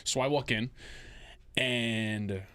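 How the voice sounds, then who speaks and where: A man co-hosting a casual chat, telling stories quickly and acting out other people in a high voice. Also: fairly even intonation, pushed and bright, clear, resonant tone, dry recording. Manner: fast storyteller, mimics others in a high voice. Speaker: podcast co-host.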